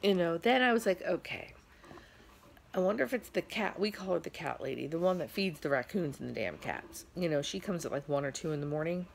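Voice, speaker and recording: Middle-aged woman, tired, gravelly, rambling home vlog, faint noise. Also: lowish voice, a little fast. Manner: rambling, animated storytelling with many fillers. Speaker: vlogger. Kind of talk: casual storytelling vlog.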